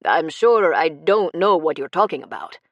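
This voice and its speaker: Brief: a woman doing a slick male swindler in an audiobook, oily charm with menace underneath, low and dry. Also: animated, normal speed, no echo, dull audio. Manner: fake charm turning cold and cruel. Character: smooth adult male con man, menacing.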